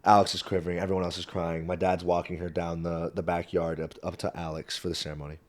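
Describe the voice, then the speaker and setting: A young man hosting a podcast, telling a story in a casual, animated way and swearing freely. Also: low-pitched, quick pace. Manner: animated, swearing, jumps into quoted voices. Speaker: podcast host. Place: small warm room indoors. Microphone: camera mic, solo recording.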